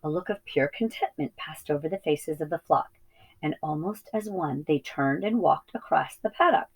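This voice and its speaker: Low-voiced woman reading a story aloud. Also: moderate pace, breathy edge, low-quality recording. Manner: steady reading with small slips and self-corrections. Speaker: reading teacher.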